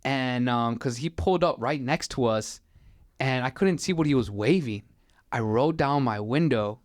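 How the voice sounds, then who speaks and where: A man's voice: mid-range voice, moderate pace, no room sound. A young man in his twenties talks in an easy mid-range voice, recorded close and dry. He rambles through his stories, stacking filler words as he goes. The delivery is loose and conversational. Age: 20s. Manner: rambling, filler-heavy storytelling with many "like"s. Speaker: podcast guest telling stories. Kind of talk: casual podcast chat.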